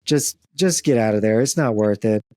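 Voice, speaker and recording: A man's voice: fairly low pitch, normal speed, a little mellow, no room sound. A young man hosting a comedic podcast, chatting casually with loose jokes, fillers and the odd curse. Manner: joking, loose, frequent fillers and profanity. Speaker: podcast host.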